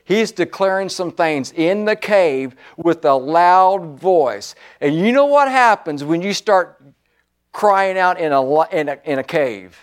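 A male preacher delivering a sermon in a high-pitched voice. He speaks slowly and deliberately, with fervent, repetitive exhortation. His delivery swings between loud declarations and hushed asides. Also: animated.

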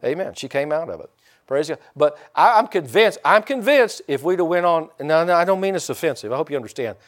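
A man's voice: on the high side, lively intonation, brisk. A man preaching a conversational sermon and talking directly to his congregation. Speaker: pastor.

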